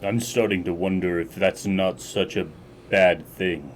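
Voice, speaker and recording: A man playing a tired, fatherly older ship captain who speaks quietly. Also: low-pitched, steady tone, a little slow, a little hiss or hum, voice pushed down, rough recording. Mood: wistful.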